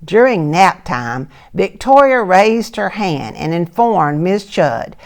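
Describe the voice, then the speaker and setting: Gravelly-voiced older woman reading a storybook. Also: lowish voice, sing-song, slow. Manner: gentle, asks listeners soft questions. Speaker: storyteller, retired teacher. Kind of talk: reading a picture book to children.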